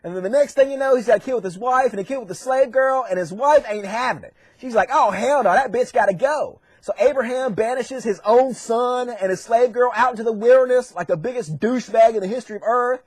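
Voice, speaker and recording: A man's voice: very high voice, fast, hardly any pauses, a little mellow, no echo. A man retelling old stories as profane, sarcastic comedy, slipping into mocking voices of the characters. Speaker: comedy commentator.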